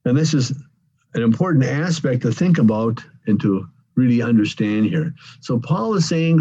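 A man's voice: lowish voice, animated, normal speed, warm tone, husky. A man teaching an evening Bible study, explaining a verse word by word, often repeating phrases and leaning on key words for emphasis. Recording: dull lo-fi recording.

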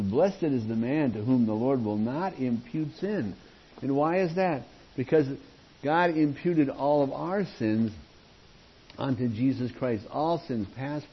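A man's voice: mid-range voice, breathy edge, lo-fi sound. A man teaching from the Bible like a sermon, going through the verses and putting questions to his listeners.

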